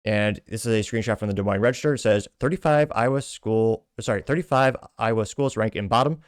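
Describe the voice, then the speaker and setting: A man hosting a talk show, reading social media comments aloud with wry asides and quick self-corrections. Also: lowish voice, smooth, dry recording, clean studio sound. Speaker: podcast host.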